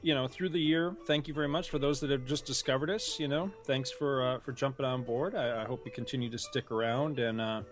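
A man co-hosting a podcast, chatting casually in a middle-pitched voice. He rambles, full of "uh"s and restarts. Soft music plays faintly underneath. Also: steady tone, a little fast, few pauses. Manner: rambling, many fillers and restarts, laughs easily. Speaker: podcast co-host.

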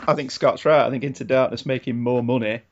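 A man's voice: mid-range voice, fairly even intonation, quick pace, a little mellow. A man co-hosting a podcast in casual chat, joking and laughing often. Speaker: podcast co-host. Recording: slightly muffled lo-fi audio.

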